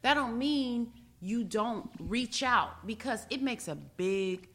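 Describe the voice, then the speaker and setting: A woman's voice: on the high side, lively intonation, slow, fairly bright tone. Emphatic woman co-host. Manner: emphatic, preachy, with short affirmations. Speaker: podcast co-host. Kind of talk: casual chat.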